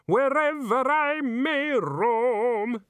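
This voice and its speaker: A man's voice: very high voice, very slow, fairly bright tone, clean tone, no room sound, voice pushed up, heavily acted. A man voicing a tenor who sings in his bath and speaks with a hammy, put-on foreign accent, in a storybook reading. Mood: crooning. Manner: singing, theatrical.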